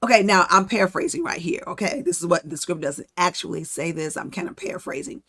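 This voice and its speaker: A woman's voice: on the low side, sing-song, fast talker, fairly bright tone. A woman hosting a podcast, teaching from the Bible in a casual, conversational way and acting out the story. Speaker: podcast host.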